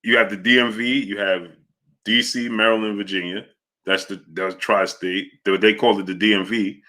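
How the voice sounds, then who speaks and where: Low-voiced New man chatting live. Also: steady tone, moderate pace, pushed and bright. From New York. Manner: rambling, greets chat viewers by name, many filler sounds. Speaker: sports show host. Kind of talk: casual livestream chat.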